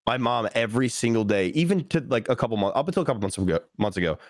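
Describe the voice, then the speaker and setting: Fast-talking young man telling stories. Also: no echo, studio quality. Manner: animated storyteller, acts out quotes with big pitch jumps. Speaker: podcast guest. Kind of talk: casual podcast chat.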